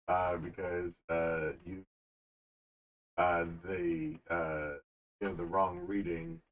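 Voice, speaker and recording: A man chatting on a live stream as co-host, dry and halting, with many filler pauses. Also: deep voice, little pitch movement, poor audio. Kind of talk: casual live-stream chat.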